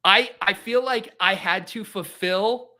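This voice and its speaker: A young adult man from Colorado, hosting a casual podcast interview in a chatty, upbeat way with quick asides. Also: high voice, sharp tone. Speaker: host.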